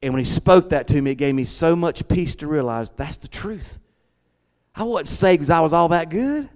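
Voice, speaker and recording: Animated pastor preaching in a hall. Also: male voice, a little high, moderate pace. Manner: animated and conversational, repeats words, talks back to the congregation. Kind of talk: sermon. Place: church hall. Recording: long church hall reverb.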